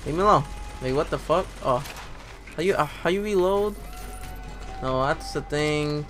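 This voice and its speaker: A young man giving casual, excitable gameplay commentary, swearing and talking to himself as he plays. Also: fairly high pitch, moderate pace, pauses often, faint music behind. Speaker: let's play gamer.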